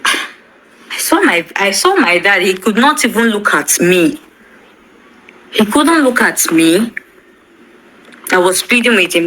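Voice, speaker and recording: A young woman tells an emotional personal story, halting and often repeating her words. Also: medium pitch, big pitch swings, fairly bright tone, poor audio. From Nigeria. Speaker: bereaved daughter.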